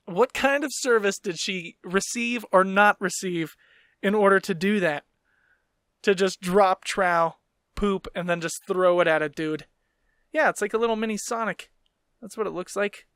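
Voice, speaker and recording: A high-voiced male comedian hosts a casual talk show and rants with constant swearing. He is animated and quick to laugh at himself. The sound is dry and close, with no room echo. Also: smooth. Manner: profane, animated, ranting, laughing asides. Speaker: podcast host and stand-up comedian.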